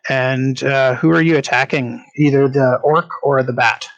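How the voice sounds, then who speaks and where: A man's voice: mid-range voice, steady tone, moderate pace, a bit bright, lo-fi sound. A man running a tabletop game as game master, narrating with many filler sounds.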